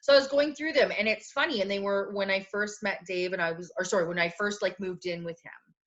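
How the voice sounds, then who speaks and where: A woman co-hosting a podcast, chatting casually and telling animated stories about her life. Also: mid-range voice, a little fast, muffled recording. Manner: chatty, animated storytelling with acted quotes. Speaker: podcast co-host. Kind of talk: casual chat.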